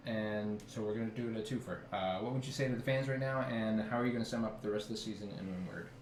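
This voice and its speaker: A man hosting a casual interview, upbeat and quick with his questions. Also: fairly low pitch, a little hiss or hum. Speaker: host. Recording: echoey room.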